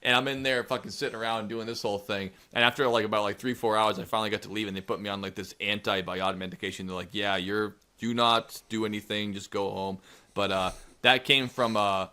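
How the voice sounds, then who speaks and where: A man's voice: fairly low pitch, fairly even intonation, fast talker, sharp tone, smooth. A young man in his twenties co-hosting a podcast, telling a rambling, profane story and acting out the quotes. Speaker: podcast co-host. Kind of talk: casual storytelling chat.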